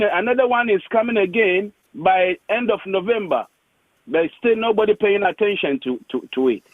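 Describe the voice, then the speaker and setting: A man's voice: high voice, no room sound. A man calling into a talk show, laughing and rambling, repeating himself as he goes. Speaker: caller. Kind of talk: phone-in call. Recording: tinny phone line.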